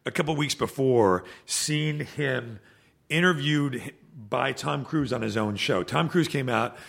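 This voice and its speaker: Gravelly man in casual chat. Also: medium pitch, a bit bright. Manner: halting, many restarts and fillers. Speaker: actor guest.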